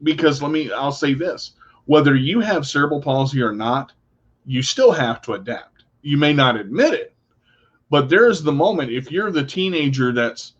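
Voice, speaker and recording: Guy co-hosting a radio chat, lively, does silly voices, slightly high voice, muffled lo-fi sound. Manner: animated, acts out funny voices in his stories. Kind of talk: casual chat. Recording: dull lo-fi radio show audio.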